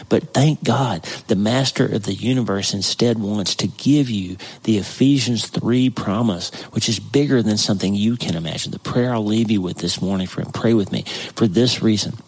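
A man with a very low, gravelly voice talks through scripture for a devotional podcast. He is earnest and encouraging, slowing down to stress key words. There is a slight huskiness under his speech. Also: rough recording. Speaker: podcast host. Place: indoors by a window.

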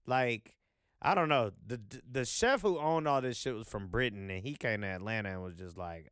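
Smooth, dry-voiced man rambling casually. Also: mid-range voice, expressive, moderate pace, a bit bright, no echo. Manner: profane, loose, full of fillers. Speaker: vlog host.

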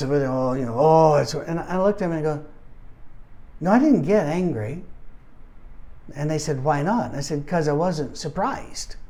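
An older man preaching in a relaxed, conversational way, telling a personal story with self-deprecating humor and acting out the voices he quotes. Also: on the high side.

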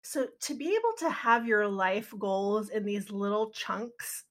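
Co-host, woman, bright tone, muses aloud and hedges, self-deprecating asides. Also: medium pitch, lively intonation, a little slow. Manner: musing, hedging, with self-aware asides. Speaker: podcast co-host. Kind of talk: casual chat.

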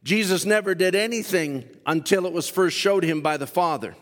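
Fervent high-voiced male preacher, long reverb. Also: moderate pace. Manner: fervent, shouting and drawing out phrases. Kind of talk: sermon. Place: church sanctuary.

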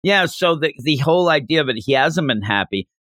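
Animated man hosting a podcast. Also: a little high, fairly quick, dry recording, studio quality. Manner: animated, acts out characters' lines in quotes. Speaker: podcast host. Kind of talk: casual podcast discussion.

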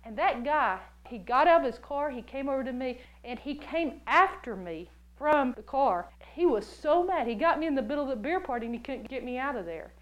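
A woman preaching a sermon, telling stories in an animated, jokey way and acting out the voices she quotes. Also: sits high, a little fast, hardly any pauses, muffled recording. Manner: jokey, laughs often.

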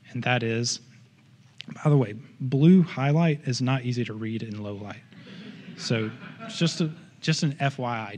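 A man's voice: medium pitch, darkish tone. A man preaching a sermon in church, in an earnest, conversational way with frequent asides to the congregation. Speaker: pastor.

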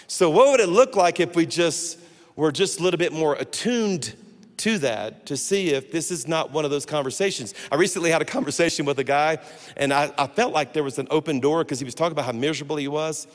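Brief: male pastor, chatty storyteller from the pulpit, higher pitch, echoing church hall. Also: a little fast. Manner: animated, jokey storyteller with many restarts. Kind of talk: storytelling sermon. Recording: echoey hall.

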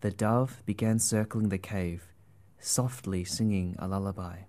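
A man narrating a storybook tale in a gentle, expressive way. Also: sits low, unhurried.

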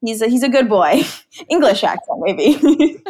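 A woman's voice: on the high side, sing-song, unhurried, a little mellow, a little hiss or hum. A woman from California, a pet-owner guest in a casual interview, talking in a bubbly, giggly way with lots of "like". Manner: bubbly, giggly, heavy use of "like".

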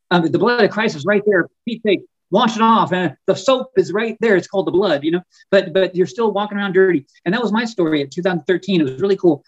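A man, an author and guest on a podcast, talking in a fervent preaching style, often repeating words and slowing down on key words. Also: high voice, muffled recording. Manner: fervent and emphatic, stretching key words slowly; frequent stumbles and repeated words. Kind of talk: preaching-style conversational talk.

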